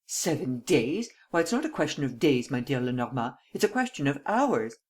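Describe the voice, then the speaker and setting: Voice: medium pitch, very animated, moderate pace. A reader voicing an impatient, brusque older male head of government in an audiobook. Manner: brusque, demanding. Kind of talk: audiobook reading.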